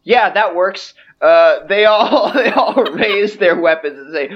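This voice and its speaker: A man acts as game master for a tabletop game, narrating at a slow, unhurried pace. He pauses often and laughs between lines. The recording sounds dull and lo-fi. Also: sits high.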